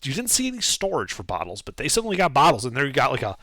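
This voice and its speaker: A man narrating a tabletop game as game master, describing scenes in a lively, casual way with fillers. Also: mid-range voice, rapid-fire, no room sound.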